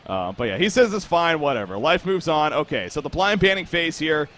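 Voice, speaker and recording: A man's voice: fairly high pitch, lively intonation, fairly quick, a bit bright, slight background noise. A young man casting an esports match live, chatty and joking, often restarting his sentences. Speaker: esports caster. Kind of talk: live game commentary.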